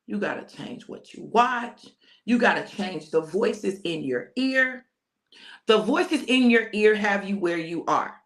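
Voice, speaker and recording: Unhurried and animated, this middle-aged woman is a pastor and prophetic speaker preaching an informal sermon on a live stream. She chats with her listeners, calling them y'all and leaning on folksy phrasing, and her emphatic delivery rises to high notes to drive points home.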